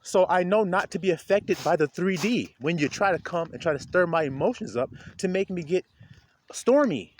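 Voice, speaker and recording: A man with a high, lively voice preaches to his viewers from outdoors among the trees. He talks straight at them, his voice swinging up and down, and climbs to a loud preaching pitch. It sounds like a phone held as he walks. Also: normal speed, a little hiss or hum. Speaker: street preacher. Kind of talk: informal outdoor video sermon.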